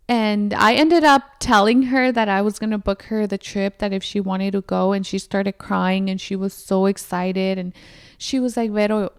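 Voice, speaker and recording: A woman's voice: medium pitch, creaky. A young woman hosting a podcast, chatting casually with lots of fillers and addressing her listeners directly. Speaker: podcast host. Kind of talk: casual chat.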